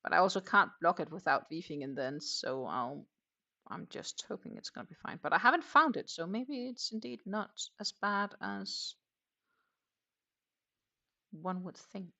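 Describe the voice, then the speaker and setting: Gravelly-voiced woman chatting while crocheting. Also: on the low side, animated, normal speed, bright, forceful tone. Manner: chatty, rambling, reads viewer comments aloud. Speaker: crochet livestream host. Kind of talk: casual chat while crocheting.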